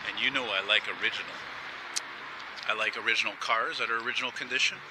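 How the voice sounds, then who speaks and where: A man's voice: on the low side, steady tone, fast talker. A man hosting a casual walking vlog, talking in a rambling, chatty, enthusiastic way as he strolls outdoors. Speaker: vlogger host. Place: outdoors on a busy city street, walking. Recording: traffic noise outdoors.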